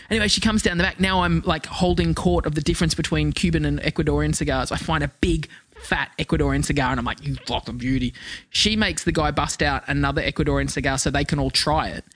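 An Australian woman telling a lively, sweary story as a podcast guest. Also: low-pitched, no echo. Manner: swears freely, animated anecdote-telling. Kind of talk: casual chat, storytelling.

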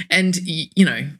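Bright, husky man. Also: fairly high pitch. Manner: bawdy, laughs often, swears freely. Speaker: podcast co-host. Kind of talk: casual podcast chat.

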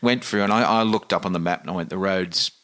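A man's voice: deep voice, fast, fairly bright tone. Chatty Australian man telling stories. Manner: rambling anecdotes, acts out quotes, swears freely. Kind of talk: casual chat, storytelling.

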